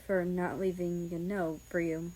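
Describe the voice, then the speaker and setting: A woman reading aloud, voicing a fragile young man who speaks quietly and apologetically through tears. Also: medium pitch, fairly even intonation, normal speed, a little hiss or hum, lightly acted, rough recording. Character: fragile, tearful young man, the first-person hero. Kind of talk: fan fiction audiobook reading.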